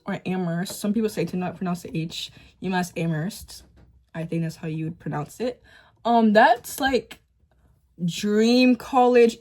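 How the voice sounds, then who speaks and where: A woman's voice: mid-range voice, darkish tone. A teenage girl from the Boston area chatting casually while doing her makeup, rambling with lots of "like" and "um". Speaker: beauty vlogger. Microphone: phone camera at close range.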